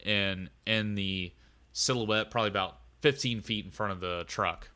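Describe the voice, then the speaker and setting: A man's voice: fairly low pitch, fairly even intonation, moderate pace, sharp tone. A man narrating a tabletop game as game master, talking casually and rambling with lots of filler words.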